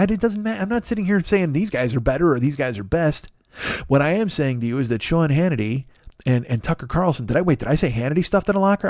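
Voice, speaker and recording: Animated, profane man ranting. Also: a little high, no room sound, clean studio sound. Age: 40s. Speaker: comedy podcast host. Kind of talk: ranting comedic monologue.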